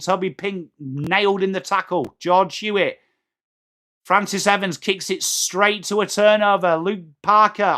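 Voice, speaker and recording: A man with an English accent doing live, excitable football commentary for a watchalong, joking and swearing and shouting at big moments. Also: high-pitched.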